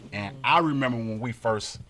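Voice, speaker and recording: Bright-voiced, animated male talk show host. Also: mid-range voice, normal speed. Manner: animated, slangy storyteller who acts out scenes. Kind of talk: casual studio chat. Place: TV station studio.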